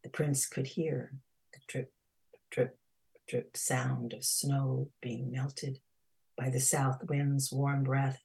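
A woman storyteller reading a fairy tale aloud on a radio storytelling hour, slow and expressive with dramatic pauses. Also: very deep voice, creaky, slightly rough.

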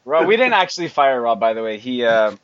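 Lively, joking male podcast host. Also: mid-range voice, a little fast, muffled recording. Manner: joking, swearing, laughs often. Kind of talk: casual podcast banter.

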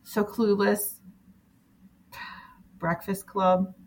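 Chatty, animated woman swapping favorites. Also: mid-range voice, extremely slow, a little hiss or hum. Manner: chatty, animated, swears casually. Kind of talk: casual group chat.

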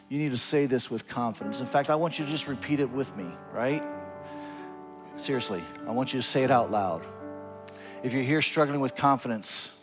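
A man preaching to his congregation, earnest and emphatic, swinging from lifted, urgent phrases to low, quiet ones. His voice sits a little on the high side. A guitar plays faintly behind him. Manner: earnest preaching with wide swings in pitch and loudness. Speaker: pastor. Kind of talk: sermon.

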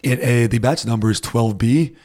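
A man's voice: medium pitch, normal speed, darkish tone. Laid-back man, easy chuckle. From Rhode Island, United States. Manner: laughs often, jokey. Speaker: podcast co-host. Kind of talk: casual chat.

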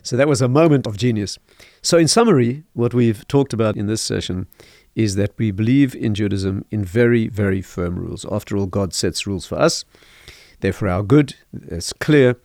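An older man, a rabbi, explaining parenting calmly in a podcast interview and telling stories. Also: lowish voice, dry recording. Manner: measured, storytelling, chuckles at own anecdotes. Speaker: rabbi, guest teacher.

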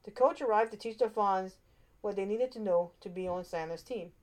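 A woman reads a children's storybook aloud in an expressive way, with small slips and restarts. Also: medium pitch, moderate pace.

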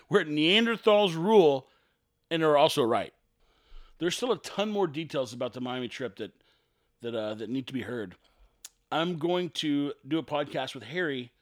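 A man's voice: mid-range voice, no room sound, clean studio sound. A man hosting a solo podcast, ranting in a sarcastic, exasperated way and repeating himself for emphasis. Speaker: podcast host.

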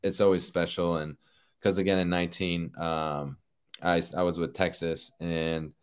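A man in his thirties, a baseball player, telling a story in a relaxed, rambling way full of fillers. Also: low-pitched, normal speed, smooth. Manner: relaxed, rambling, many fillers like "you know" and "like". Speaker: professional baseball player, guest. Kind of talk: casual interview storytelling.

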